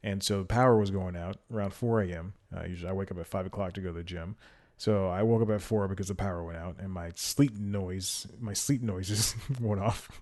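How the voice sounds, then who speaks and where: A man's voice: low voice, fairly quick, darkish tone. A man hosting a solo podcast, rambling casually and laughing at himself as he goes. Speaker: podcast host.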